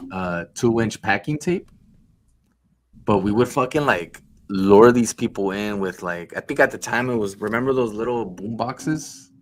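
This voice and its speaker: A young man telling stories in casual podcast chat, swearing freely and jumping into high voices for the people he quotes. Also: unhurried. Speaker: podcast co-host.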